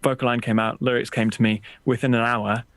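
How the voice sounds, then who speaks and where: A musician guest chatting casually from a small home studio room over a video call, self-deprecating and full of restarts. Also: male voice, mid-range voice, flat delivery, a little fast, fairly bright tone, no room sound. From England, raised partly in Texas.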